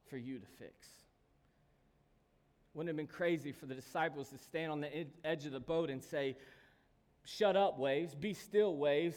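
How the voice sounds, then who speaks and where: A man preaches a sermon in a fairly high voice, telling stories from his own life. He moves from easy calm talk to sudden loud shouts. His voice rings with a long reverb from the hall around him. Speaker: pastor.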